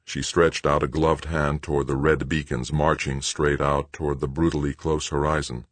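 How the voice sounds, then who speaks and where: A man reading an audiobook in measured, expressive scripted narration. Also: extremely low pitch, no room sound.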